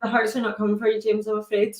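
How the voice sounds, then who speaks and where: A woman's voice: mid-range voice, completely flat delivery, racing, echoey room. A woman guest on a livestream, chatting casually and chiming in with agreement. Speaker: co-host guest.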